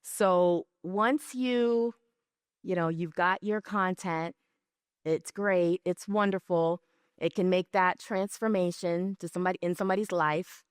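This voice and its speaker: A woman's voice: on the low side, steady tone, a little slow, smooth, no echo, studio quality. A woman giving a conversational business presentation, telling stories and often checking in with the audience with "right?" and "okay?". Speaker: speaker at a business session.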